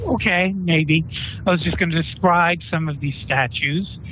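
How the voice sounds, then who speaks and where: A man running a tabletop game, narrating scenes and asking players what they do, in a relaxed, chatty way. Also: fairly high pitch, a little slow, slight background noise. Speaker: game master. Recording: tinny phone-like online call.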